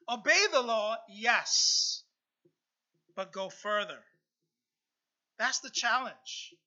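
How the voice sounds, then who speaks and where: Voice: mid-range voice, sharp tone, lo-fi sound. A pastor preaching a sermon and reading scripture, earnest, repeating phrases and asking "right?" often. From United States.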